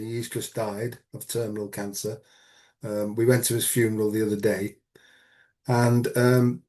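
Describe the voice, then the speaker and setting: A man's voice: medium pitch, darkish tone. A man hosting a casual chat show, talking earnestly and rambling with lots of "you know". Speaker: host.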